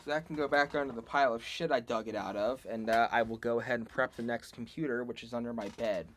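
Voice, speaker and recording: A man chats loosely through a home livestream, poking at old computers and joking at his own expense. His voice sits in an ordinary middle pitch. A faint background hiss runs under the recording. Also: fairly even intonation, quick pace. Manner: rambling, self-deprecating, laughs often. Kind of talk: casual livestream commentary. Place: home room.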